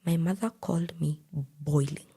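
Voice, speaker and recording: A young woman with a Kenyan accent recounts her own story in a breathy, half-whispered, intense voice. Her tone sits low and dark, with a heavy gravelly rasp and a very husky edge. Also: measured pace. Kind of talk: personal storytelling.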